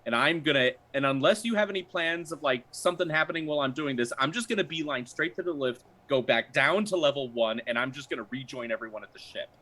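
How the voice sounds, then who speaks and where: A man playing a character in a tabletop game, declaring his actions in a lively, casual way. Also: mid-range voice. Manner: lively, animated, quick declarations. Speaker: player.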